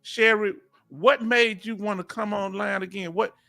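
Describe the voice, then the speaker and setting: A man from Houston with a Southern Texas accent, hosting a live stream in a folksy, drawn-out storytelling way. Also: high voice, steady tone, creaky, sharp tone. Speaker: host.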